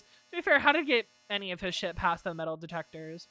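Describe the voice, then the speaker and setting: A woman streamer, animated and laughing as she comments on a game she plays. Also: mid-range voice, quick pace, few pauses, no room sound, faint music behind.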